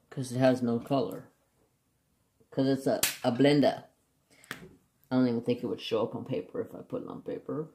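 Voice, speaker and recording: A man's voice: mid-range voice, steady tone, normal speed, long pauses, mellow. A man chatting casually and jokingly as he swatches markers for his craft vlog. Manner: chatty, joking, self-deprecating. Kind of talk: casual chat.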